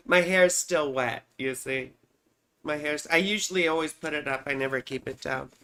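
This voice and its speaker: Deep-voiced with a slightly bright tone, this woman speaks at a moderate pace. She's an astrologer who hosts a laid-back livestream from home, chatting and rambling while tacking "you see" and "right" onto her explanations as little check-ins for listeners.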